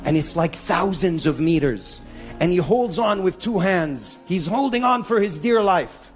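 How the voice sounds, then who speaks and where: An animated male preacher addressing a live audience, his voice sitting high and swinging widely as he builds his points. He drops Arabic phrases freely into his English. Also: unhurried, soft background music. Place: venue with a sound system.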